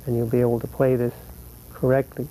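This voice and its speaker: A man teaching flamenco guitar, explaining rhythm patterns patiently and counting beats aloud slowly. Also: medium pitch, little pitch movement, mellow, a little hiss or hum, rough recording. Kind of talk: instructional lesson.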